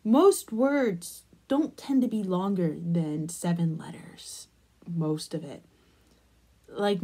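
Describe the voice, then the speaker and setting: A woman chatting casually in a crochet vlog, gushing over a pattern book and trailing off into soft murmurs. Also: medium pitch. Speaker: crochet vlogger.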